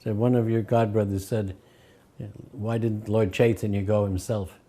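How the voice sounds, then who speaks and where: An older man recalling his spiritual teacher in a relaxed storytelling way, acting out the voices in his stories. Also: fairly low pitch, moderate pace. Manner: acts out quoted voices, chuckles between stories. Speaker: devotee recalling memories. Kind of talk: anecdotal storytelling.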